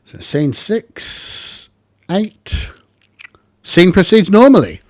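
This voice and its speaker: A man's voice: high voice, very animated, extremely slow, darkish tone, no echo. A man narrating his solo tabletop game, thinking aloud with plenty of ums.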